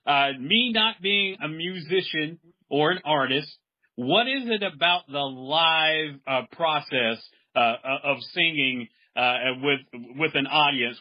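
A man hosting an interview, asking friendly, curious questions with some halting restarts. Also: fairly high pitch, animated. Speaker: interview host. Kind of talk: casual interview. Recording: dull lo-fi sound.

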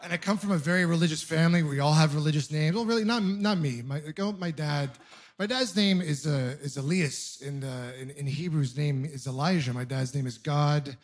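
High-voiced man doing stand-up. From Ontario, Canada. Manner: deadpan storytelling with quick voiced asides. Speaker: stand-up comedian. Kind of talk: stand-up comedy set. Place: comedy club stage with a live audience laughing.

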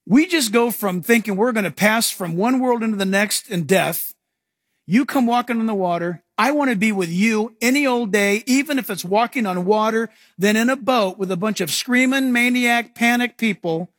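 A man preaching a sermon as pastor, animated and acting out scenes for his congregation. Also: high voice, normal speed, no echo, clean studio sound.

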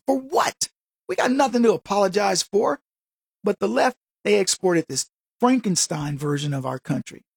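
Male talk radio host, sarcastic and animated, husky voice, dry studio sound. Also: high voice, no room sound. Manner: animated, sarcastic rhetorical questions. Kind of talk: opinionated radio monologue.

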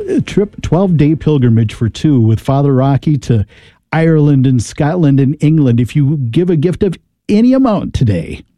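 Dark-voiced American radio host. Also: male voice, mid-range voice, no room sound, studio quality. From United States. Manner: rambling, warm enthusiasm with fillers. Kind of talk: pledge drive chat.

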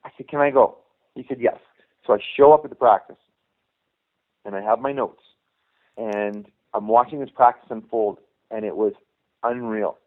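A man's voice: mid-range voice, fairly even intonation, normal speed, long pauses. Middle-aged man telling stories over a phone line. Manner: rambling anecdotes, acting out quoted dialogue. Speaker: youth hockey coach, guest. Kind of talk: casual storytelling interview.

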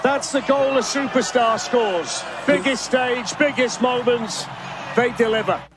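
A man calling a soccer match live, rising to shouted goal calls. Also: extremely high pitch, measured pace. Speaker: soccer play-by-play commentator. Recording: stadium crowd noise behind.

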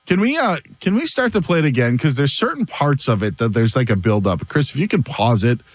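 A man hosting a sports radio show, talking in a casual, animated way and laughing often. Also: mid-range voice, a little fast, no echo.

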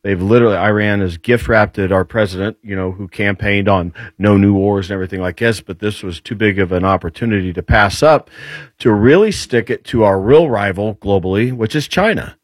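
A man speaking as a guest commentator on military affairs, laying out his points in a lively, rambling way. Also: lowish voice, brisk, no echo. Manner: lively explainer, rambling with restarts. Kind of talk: casual political talk.

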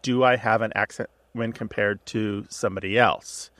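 A man co-hosting a radio call-in show, explaining language questions in a lively, chatty way. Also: on the low side, moderate pace, a little hiss or hum. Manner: explanatory, lively, chuckles often. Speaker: co-host answering language questions.

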